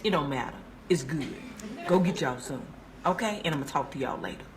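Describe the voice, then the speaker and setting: A woman's voice: low voice, animated, a little fast, noisy background. A woman filming herself in a car, gushing over a sandwich with preacher-like praise and talking with her mouth full. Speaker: food vlogger. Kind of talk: casual selfie video review. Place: inside a car.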